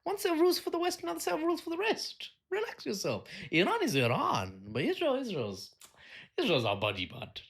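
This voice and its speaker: A man voicing a smug, high-voiced figure who mockingly brushes off double standards in a falsetto sing-song. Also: wildly swooping pitch, a little fast, gravelly, fairly bright tone, exaggerated voice.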